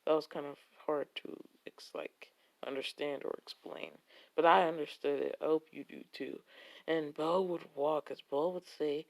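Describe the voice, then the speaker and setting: A man's voice: fairly high pitch, steady tone, normal speed, vocal fry. A man telling an improvised fan fiction story, rambling and full of filler words.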